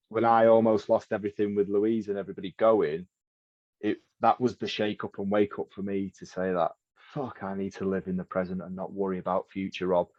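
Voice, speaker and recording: Man, reflective rambler, low voice, muffled dry podcast audio. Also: darkish tone, no echo. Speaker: guest. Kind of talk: casual podcast chat.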